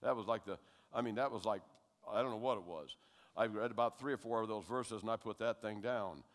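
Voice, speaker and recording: An older American man giving a lively spoken testimony to a congregation, checking in with his listeners as he tells his story. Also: lowish voice, a little fast. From United States. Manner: animated storyteller who keeps checking in with the audience. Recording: long hall reverb.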